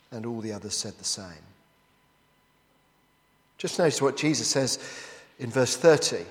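A man's voice: mid-range voice, lively intonation, slow, pauses often, a bit bright. Man preaching in an echoey hall. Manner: asks the listeners rhetorical questions. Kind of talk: expository sermon. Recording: echoey hall with long reverb.

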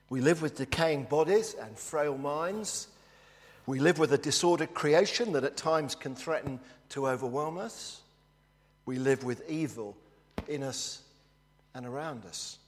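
Earnest preacher in a reverberant church. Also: male voice, medium pitch, husky. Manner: earnest, storytelling, hushed in prayer. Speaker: pastor. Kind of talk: sermon.

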